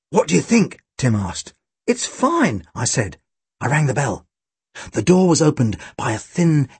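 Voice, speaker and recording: A man reads a first-person story aloud in a husky, breathy voice that moves all over its range. He lands wry, deadpan asides, and the recording is dry, close and free of room sound. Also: on the high side, dry recording. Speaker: audiobook narrator.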